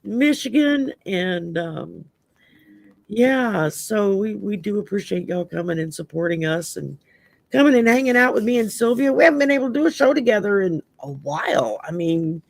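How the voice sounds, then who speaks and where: A middle-aged woman from the Gulf Coast hosts a casual live-stream chat in a Southern accent, saying "y'all" and laughing often. Her medium-pitched voice is animated and creaky, at a moderate pace, with no room sound.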